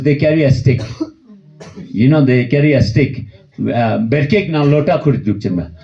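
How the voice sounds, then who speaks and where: A man's voice: on the high side, warm tone. Man telling a Dharma story. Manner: conversational, repeats phrases, checks in with listeners. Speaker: Dharma teacher. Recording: dull lo-fi recording.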